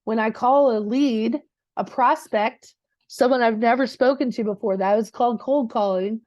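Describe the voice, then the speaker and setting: During a live teaching session, this woman, a real estate coach, keeps things direct and conversational, often checking in with listeners and tossing in many rhetorical "right?"s. She speaks at a moderate pace in a high-leaning, slightly mellow voice. The recording is muffled, with no room sound.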